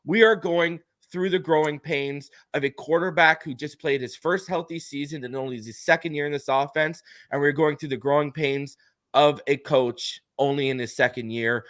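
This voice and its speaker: A man in a podcast roundtable, arguing his sports points emphatically in quick bursts. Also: fairly high pitch, steady tone, a bit bright, no room sound, studio quality. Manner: emphatic, argumentative, rapid bursts. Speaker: podcast guest. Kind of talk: heated sports roundtable debate.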